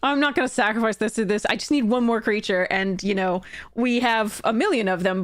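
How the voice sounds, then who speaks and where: A young woman commentating her own card game matches, swearing and laughing in frustration, swinging from exasperated outbursts to flat mutters. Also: on the high side, brisk. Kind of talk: casual gameplay commentary.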